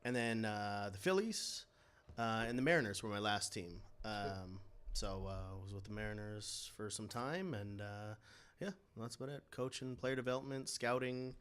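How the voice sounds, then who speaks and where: Chill guy on a podcast, smooth clear voice, lots of ums, joking around. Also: on the low side, normal speed, fairly bright tone. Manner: laid-back, joking, hesitant with many ums. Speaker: podcast co-host and former baseball player. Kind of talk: casual podcast chat.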